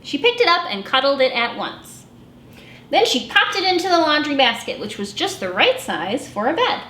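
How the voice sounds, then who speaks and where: A woman children's librarian reads a picture book aloud at storytime, animated and expressive. Her voice sits high and swoops a great deal, with a bright edge. It is recorded in an echoey room with faint background noise. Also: normal speed.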